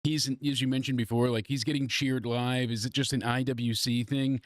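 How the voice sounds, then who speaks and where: A man's voice: mid-range voice, fairly even intonation, normal speed, dry recording, studio quality. A congested man hosting a live stream, talking loosely and profanely in casual chat. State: congested from allergies. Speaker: wrestling review livestream host.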